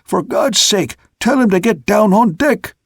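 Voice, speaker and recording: A man voicing a rough, quick-tempered sailor who shouts and swears at his crewmate. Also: fairly high pitch, no echo, studio quality, pitched above the performer's own voice. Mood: desperate.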